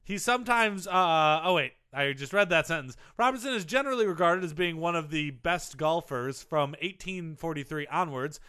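A man co-hosting a comedy podcast, reading out trivia and cracking deadpan jokes. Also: on the high side, normal speed, hardly any pauses, clean tone. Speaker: co-host.

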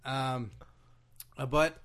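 Brief: man, podcast host, easygoing chat, deadpan quips. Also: medium pitch, extremely slow. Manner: dry, joking asides. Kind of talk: casual chat.

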